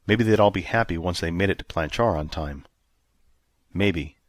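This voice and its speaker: A man narrating an audiobook in a steady, even storytelling manner. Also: sits low, normal speed, no room sound. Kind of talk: scripted narration.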